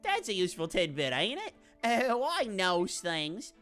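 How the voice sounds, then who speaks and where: A sly gossip of a soldier leans in with rumours, drawling his slang in a coarse, knowing tone, as a woman acts him out. His voice swings widely in pitch, teasing and pleased with himself, like a video game character read aloud. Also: wildly swooping pitch, unhurried, a bit bright, soft background music. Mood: gloating. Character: gossiping rough-spoken male soldier.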